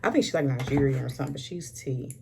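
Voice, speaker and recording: A woman's voice: rumbling low, fast talker, creaky, background noise. A woman in her thirties chatting casually and sassily while doing her makeup, calling her viewers "honey" all through. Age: 30s. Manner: chatty, sassy, says "honey" a lot. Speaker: beauty vlogger.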